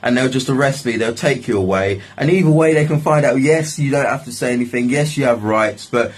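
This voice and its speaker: A man's voice: mid-range voice, brisk, poor audio. A young man telling a story in a casual, rambling way, swearing often and leaning on filler phrases. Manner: swearing, rambling, repeats "like, literally".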